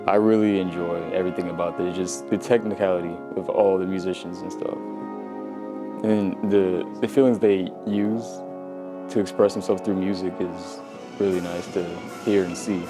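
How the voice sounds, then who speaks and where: Teen boy student, very deep voice, reflective, music behind. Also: steady tone, normal speed. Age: teens. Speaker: high school student. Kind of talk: profile interview.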